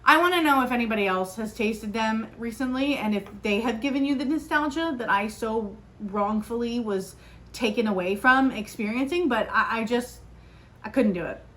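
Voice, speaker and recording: A young woman hosting a podcast, telling a story in a chatty, animated way with lots of fillers. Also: on the high side, normal speed. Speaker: podcast host. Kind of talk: casual solo podcast chat.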